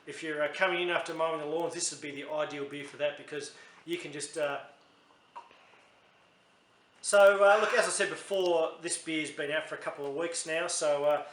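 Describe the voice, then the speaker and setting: A man's voice: fairly high pitch, fairly even intonation, normal speed, a bit bright, reverberant, a little hiss or hum. An Australian man reviewing a beer in a casual, chatty, rambling way, often correcting himself mid-sentence.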